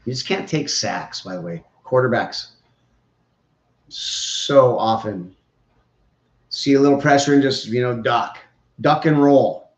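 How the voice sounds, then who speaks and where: A man hosts a podcast with opinionated, rambling, joking sports commentary, speaking slowly in a mid-range voice with frequent pauses. The recording sounds roomy, dull and lo-fi.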